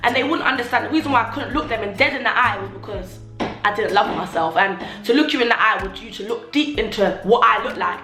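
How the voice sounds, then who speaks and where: A woman's voice: a little high, fast talker. A young woman talking casually to her vlog audience, full of fillers and acting out things people said to her. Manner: chatty, filler-heavy, acts out remembered remarks. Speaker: vlogger. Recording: roomy echo, faint music.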